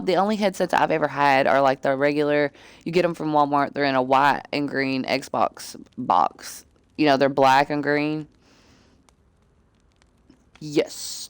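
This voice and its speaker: A woman's voice: sits low, no echo. A woman livestreamer at home, chatting casually with her viewers in a blunt, profane, joking way. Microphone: desk microphone.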